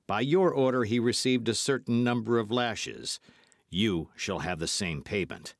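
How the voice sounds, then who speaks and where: A man's voice: on the low side, a little slow, no echo, studio quality. A man voicing a masked male outlaw who gives stern, clipped threats. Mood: commanding.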